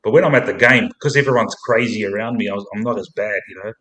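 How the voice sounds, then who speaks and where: A man's voice: fairly low pitch, quick pace, bright, forceful tone, low-quality recording. A man chatting casually about football, laid-back and swearing freely. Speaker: football fan on a livestream. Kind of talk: casual chat.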